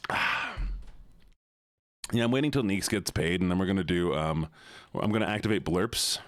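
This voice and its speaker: Laid-back low-voiced male streamer. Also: moderate pace, fairly bright tone, no room sound. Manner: laid-back, teasing banter. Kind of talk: casual chat with viewers while gaming.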